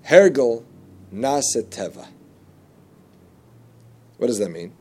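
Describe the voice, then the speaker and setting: A man giving a religious lesson, telling jokes and stories, with animated jumps in pitch on key words. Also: takes it slowly. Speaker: Torah teacher.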